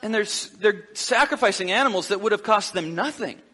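A man preaching a sermon as pastor, lively and joking, acting out the dialogue of the people he describes. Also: high voice, brisk, in a large hall. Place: church sanctuary.

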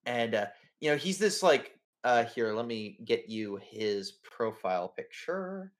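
A man's voice: mid-range voice, sing-song, measured pace. A man running a tabletop game as game master, describing scenes in a rambling way full of fillers.

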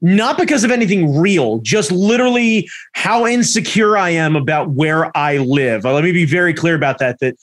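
Maryland podcast co-host, man, profane and self-deprecating, lively pitch. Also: normal speed, few pauses. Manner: profane, self-mocking, animated. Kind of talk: casual chat.

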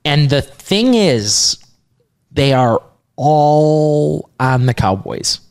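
A man's voice: fairly high pitch, sing-song, extremely slow, darkish tone, clean tone. Nasal, profane man in loose podcast banter. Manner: blunt, profane, joking. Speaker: sports betting co-host.

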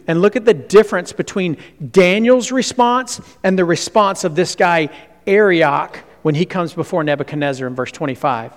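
A man preaching a sermon to a room of listeners, animated and asking questions, then dropping to a hush. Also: sits high, normal speed. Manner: asks the audience questions. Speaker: pastor. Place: hall with an audience. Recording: long hall reverb.

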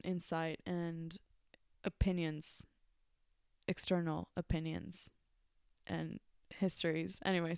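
A young woman hosts her podcast in a relaxed, rambling monologue full of fillers and restarts. Her voice sits a little low and sounds smooth and clear. It is recorded close and dry, with no room sound. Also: no echo. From Mexico. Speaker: podcast host. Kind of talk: casual reflective monologue.

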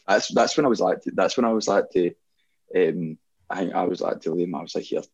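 A man's voice: low-pitched, a little slow, darkish tone, muffled recording. A young man, a guest DJ, rambling through stories in casual chat, full of fillers and laughs. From Scotland. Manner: rambling storyteller, laughs often, many fillers.

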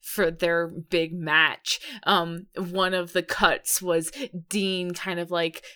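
Woman, podcast co-host, casual chat, crisp bright voice, giggly. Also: lowish voice, level tone, takes it slowly. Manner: meandering, many fillers and restarts, giggly.

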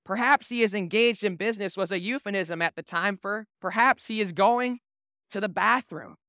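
Male pastor, casual humorous preacher, bright and smooth. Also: high-pitched, moderate pace, no echo, studio quality. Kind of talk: sermon.

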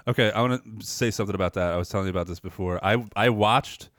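A man's voice: fairly low pitch, very fast, a bit bright, no echo, clean studio sound. A man co-hosting a movie podcast, talking casually and rambling with frequent restarts and laughs. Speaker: podcast co-host.

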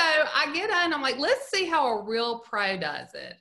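Bright-voiced Southern woman telling stories. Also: high-pitched, wildly swooping pitch, measured pace, gravelly. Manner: chatty storyteller, laughs often. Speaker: podcast co-host. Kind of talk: casual chat.

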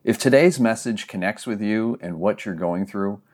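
Deep-voiced male pastor preaching. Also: normal speed, darkish tone. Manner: earnest, conversational with restarts when preaching. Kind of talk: sermon podcast, scripture reading and preaching.

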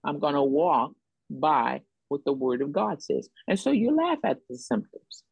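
A woman preaching in a call-and-response rhythm, leaning on repeated phrases to drive each point home. Her voice is breathy and soft-edged. The sound is dry and close, with no room around it. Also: deep voice, big pitch swings, a little slow, no echo, lo-fi sound. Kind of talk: sermon.

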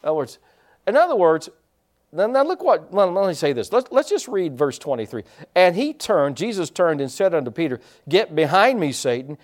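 A male pastor preaching with a fairly high voice that swings widely in pitch. He tells his stories with animated energy, stumbles and repeats himself, laughs at his own mix-ups, and keeps asking the congregation questions. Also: a little fast. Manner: animated storytelling with laughs and repetitions; draws congregation responses with questions. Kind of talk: sermon.

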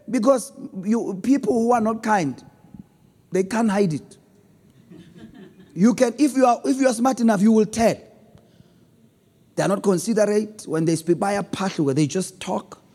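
Man, preacher, high husky voice, animated, loud emphasis, hushed asides. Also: in a large hall. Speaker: pastor. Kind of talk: sermon on relationships.

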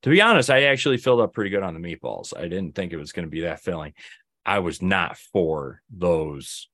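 A man's voice: low-pitched, sing-song, fairly quick, a bit bright, no room sound, clean studio sound. A young man co-hosting a podcast in casual chat, telling rambling stories and acting out his friends' lines. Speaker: podcast co-host.

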